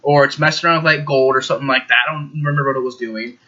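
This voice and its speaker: A man's voice: medium pitch, steady tone, very fast, bright, forceful tone, lo-fi sound. A man giving a casual, rambling movie review, emphatic and full of fillers.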